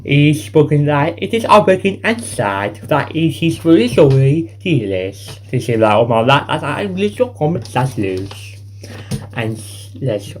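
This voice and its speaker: Guy doing his own homemade news show, rambly and repetitive, mellow voice, bit of noise behind. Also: mid-range voice, low-quality recording. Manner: rambling and repetitive, restarts phrases often. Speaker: home news show host. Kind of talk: improvised mock news reading.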